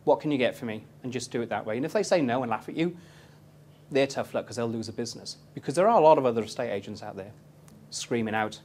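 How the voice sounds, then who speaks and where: A man's voice: mid-range voice, lively intonation, quick pace, darkish tone, slight background noise. A man in his thirties giving a live property investment seminar, telling stories cheekily and quizzing his audience.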